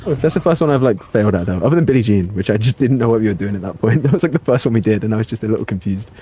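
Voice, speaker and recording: A young man doing live gameplay commentary, playful and excitable, reading chat and yelping at the action. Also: very fast, a little hiss or hum. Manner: playful and excitable, jumping to high yelps. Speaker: streamer.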